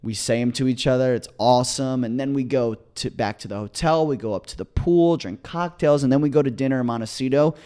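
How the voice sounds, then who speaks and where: A man co-hosting a podcast, telling a long story in an excited, rambling way, with many restarts. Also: mid-range voice, fairly quick, few pauses, clean tone. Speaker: podcast co-host. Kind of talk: casual storytelling chat.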